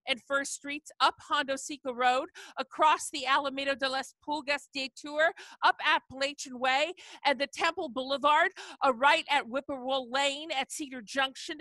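A woman's voice: high voice, sharp tone, dry recording. A woman reading her own poem aloud over a video call, chanting long rhythmic lists and rising into emphatic refrains. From not from the South. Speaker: poet. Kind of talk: poetry reading.

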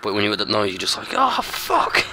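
A man's voice: fairly low pitch, flat delivery, rapid-fire, creaky, very noisy. A man hosting casual gameplay commentary with a friend, swearing a lot and joking. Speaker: gaming channel host. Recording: game gunfire loud under the voice.

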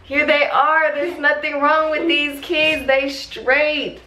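A woman's voice: high voice, little pitch movement, takes it slowly, sharp tone. Defiant woman in an echoey room. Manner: defiant, casual slang. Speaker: mother defending her video. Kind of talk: casual self-recorded video message.

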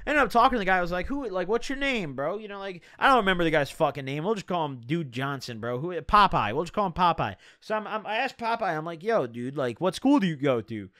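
A man's voice: high voice, animated, a little fast, a bit bright, dry recording, clean studio sound. A young man telling a rambling story in casual slang, full of "dude" and "bro". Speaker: storyteller vlogger.

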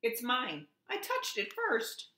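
A woman voicing a stubborn, proud male goose in a storybook, insistent and sometimes hushed. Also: sits high, huge pitch swings, takes it slowly, voice pushed up, full character voice. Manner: honking, stubborn, hushed at times. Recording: roomy echo.

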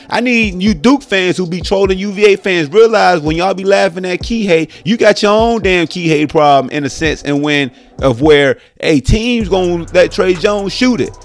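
A man hosting a sports podcast, ranting in an animated, slangy way and speaking straight to his listeners. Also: fairly high pitch. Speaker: podcast host. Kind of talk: casual sports podcast rant.

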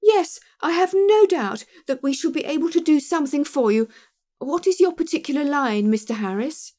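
A woman's voice: fairly high pitch, lively intonation, normal speed, darkish tone, close to an everyday voice. A woman reading an audiobook, voicing a terrified middle-aged male office manager who barely holds himself together with forced courtesy. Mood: frantic. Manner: strained, forced courtesy over panic.

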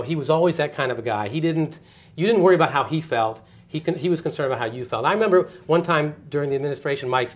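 An older man giving an oral history interview, telling stories with energy and acting out the people he quotes. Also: medium pitch. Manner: animated storyteller, quick, acts out quoted voices with laughs. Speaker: interviewee, former communications director. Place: office interview setting.

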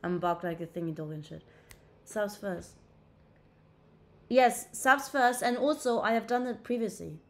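A woman's voice: fairly low pitch, normal speed, darkish tone. A woman livestreaming casually on a laptop mic, brash and profane, bickering with her chat. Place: indoors at a laptop.

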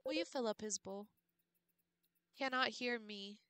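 A woman's voice: a little high, unhurried, pushed and bright, a little hiss or hum. A woman streamer muttering and thinking aloud while puzzling through a game. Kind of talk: casual gameplay commentary.

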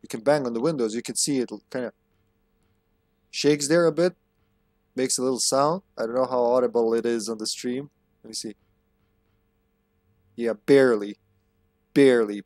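A man at a middle pitch talks casually over his game stream, quipping and swearing as he goes. He often breaks off to read the on-screen text aloud. The sound is dry and close to the mic. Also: normal speed, pauses often, no room sound. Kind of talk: casual gameplay commentary.

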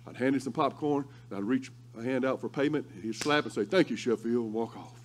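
A male pastor preaching a sermon through lively, humorous storytelling. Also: medium pitch, quick pace, slight background noise. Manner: animated, humorous storytelling with laughter.

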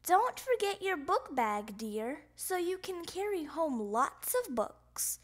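A woman voicing a fond, patient mother frog who calls out gently to her son in a children's story. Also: very high-pitched, sing-song, takes it slowly, pitched above the performer's own voice, heavily acted. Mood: coaxing.

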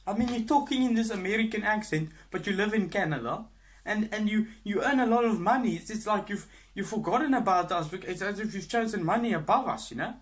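A man playing a pushy, loud South African cousin in a comedy sketch, rambling and blustering with a South African accent. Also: high-pitched, animated, brisk, voice pushed up.

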